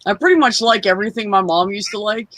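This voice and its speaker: A man's voice: high voice, fast, crowd noise. A man hosting a casual open-mic chat, joking and bantering. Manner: jokey, playful banter. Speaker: host.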